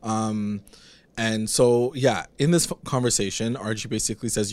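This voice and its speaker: A man casually recapping a TV episode, animated and swearing as he plays out the characters. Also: lowish voice, moderate pace. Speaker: podcast co-host recapping a TV episode. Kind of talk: casual chat.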